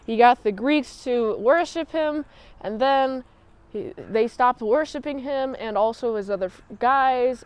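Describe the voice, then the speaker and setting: A woman's voice: on the high side, clean tone, no echo. A woman reviewer giving a casual, rambling, playful episode recap. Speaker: show reviewer.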